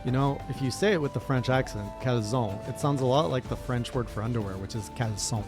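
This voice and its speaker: A man's voice: mid-range voice, fast, over music. A man streaming a game playthrough, rambling playfully and joking between lines of dialogue. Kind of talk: casual game playthrough commentary.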